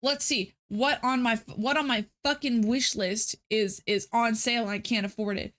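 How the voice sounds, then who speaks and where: A woman's voice: fairly high pitch, steady tone, moderate pace, a bit bright. A young woman streamer chatting casually to her viewers, ranting with dramatic, exasperated outbursts. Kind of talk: casual live-stream chat.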